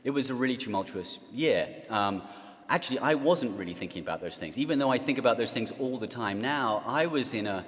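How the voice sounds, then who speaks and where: Halting English man speaking in a hall. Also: mid-range voice, expressive, fairly bright tone. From England. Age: 40s. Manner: self-deprecating, halting with many fillers. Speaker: guest speaker. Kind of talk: speech to an audience. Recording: long hall reverb.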